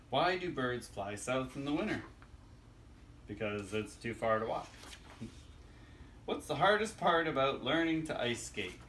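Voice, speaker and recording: Male storyteller, slow and expressive, distant mic, light noise. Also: medium pitch. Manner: animated, chuckling at his own jokes. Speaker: storyteller reading a children's joke book. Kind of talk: reading jokes aloud to children.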